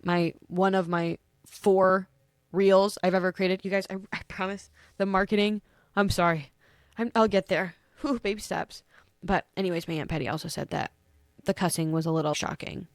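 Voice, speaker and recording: A young woman hosts her own podcast in a casual, rambling way, correcting herself as she goes. She sounds sleepy and yawns, her lowish voice full of vocal fry. The recording is close and dry. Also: steady tone, normal speed, no echo. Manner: chatty, affectionate, rambling with self-corrections. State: sleepy, yawning. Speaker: podcast host. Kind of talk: casual solo podcast talk.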